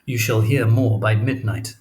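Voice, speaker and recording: A scheming male villain, cool and insinuating, feeds poison into every line, as a man reads him for an audiobook. His voice stays low and even. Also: moderate pace, lightly acted, poor audio. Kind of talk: audiobook reading of play lines.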